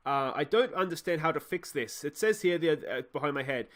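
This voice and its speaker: Australian male let's play host, slightly high voice, relaxed rambling delivery. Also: fairly quick. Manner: chatty, lots of "uh" and "mate". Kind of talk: casual game commentary.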